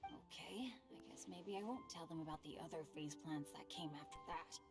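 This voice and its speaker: A woman's voice: low voice, brisk. A woman voicing a cheerful, clumsy teenage boy adventurer in a video game, upbeat and good-natured. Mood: sheepish. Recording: game cutscene with clear music behind.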